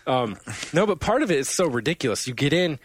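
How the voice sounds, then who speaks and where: A man's voice: on the high side, sing-song, quick pace, slight background noise. A man on a gaming podcast, talking casually in a rambling way, laughing often and acting out lines from games. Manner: rambling, laughs often, acts out game taunts. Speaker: podcast co-host. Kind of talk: casual chat about video games.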